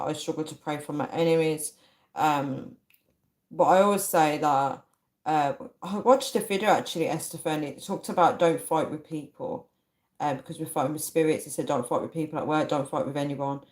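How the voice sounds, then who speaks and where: Young woman host, slightly low voice, casual and giggly, chatting with live viewers. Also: darkish tone. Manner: laughs a lot, chatty, reads viewer names aloud. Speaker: livestream host. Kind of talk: casual livestream chat reading comments.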